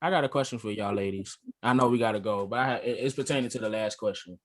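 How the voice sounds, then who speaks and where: A man's voice: lowish voice, fast talker. A man co-hosting a podcast in casual chat, laughing easily and putting questions to the women.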